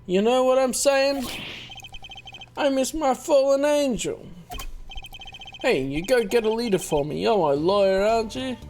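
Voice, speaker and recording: A woman's voice: a little high, lively intonation, measured pace, pauses often, darkish tone, slight background noise, pitched above the performer's own voice. Woman doing a swaggering young street thug. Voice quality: slangy gangster swagger. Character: cocky young male street thug, lovestruck.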